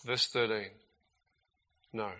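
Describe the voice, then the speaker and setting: A man preaching a sermon in a casual, emphatic way, swinging between loud bursts and quiet asides. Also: lowish voice, fairly even intonation, takes it slowly.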